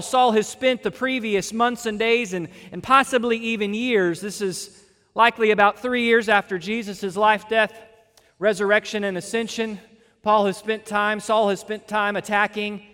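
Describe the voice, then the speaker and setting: A man's voice: high-pitched, animated, normal speed, bright, forceful tone. A male pastor preaching an expository sermon, emphatic and stretching key words for weight. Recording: long reverb of a large hall.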